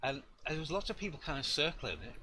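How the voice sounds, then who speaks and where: A man's voice: on the high side, sing-song, quick pace, pushed and bright. A man, an artist hosting a live stream, telling a story in a rambling, self-deprecating way with lots of restarts. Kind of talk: casual storytelling chat. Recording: noisy room ambience.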